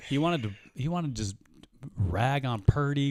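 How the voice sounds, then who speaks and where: A man's voice: mid-range voice, expressive, normal speed, a little mellow. A man co-hosting a casual sports podcast, talking in an earnest, mock-mournful way with frequent restarts. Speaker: podcast co-host.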